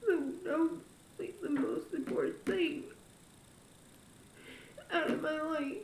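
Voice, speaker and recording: A young woman with a very high voice speaks slowly in a confessional vlog, her nose stuffed up and her words halting and tearful. The room around her rings with echo. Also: distant mic, a little hiss or hum. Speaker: vlogger.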